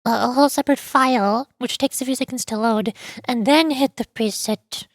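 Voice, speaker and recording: A woman streamer in casual chat who stammers and exclaims in an animated way. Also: fairly high pitch, moderate pace, dry recording.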